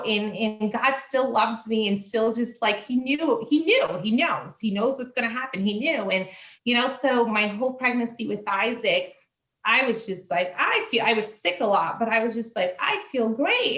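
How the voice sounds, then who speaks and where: A woman telling a personal testimony casually, animated, acting out the voices in her story and laughing often. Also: mid-range voice, reverberant. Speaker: church member sharing testimony.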